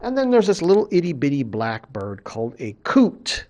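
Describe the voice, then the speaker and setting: Casual, animated male storytelling professor. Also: a little high, moderate pace. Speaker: college professor. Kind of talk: storytelling lecture.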